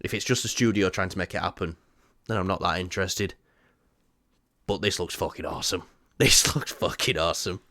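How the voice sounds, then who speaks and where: A man co-hosting a movie news podcast in casual chat, excitable, swearing freely and laughing often. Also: sits low, a little fast, long pauses, no room sound, clean studio sound.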